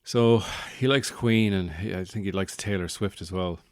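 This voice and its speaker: A deep-voiced man speaks at normal speed with no echo. He's a podcast host and new father, young adult or middle-aged, delivering a casual monologue in a dry, self-deprecating, joking way.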